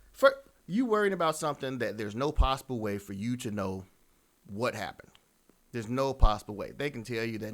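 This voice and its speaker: A man's voice: mid-range voice, animated, fairly quick, fairly bright tone. A man speaks. He rants through reaction commentary, profane and openly exasperated. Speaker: commentary host.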